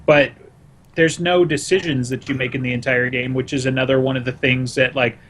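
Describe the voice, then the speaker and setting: A man's voice: mid-range voice, little pitch movement, a little fast, a bit bright, a little hiss or hum. A man on a gaming podcast, chatting casually with sarcastic, laughing remarks. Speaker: podcast co-host.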